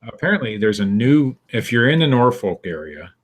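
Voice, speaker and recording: A man's voice: mid-range voice, very animated, brisk. A man co-hosting a podcast, reading odd news stories aloud in a dry, sarcastic way and laughing at them. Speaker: podcast co-host.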